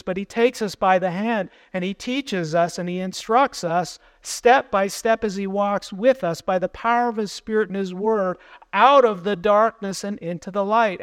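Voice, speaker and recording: A man's voice: high voice, clear, resonant tone. A man preaching a sermon as pastor, earnest and building emphasis through repeated phrases.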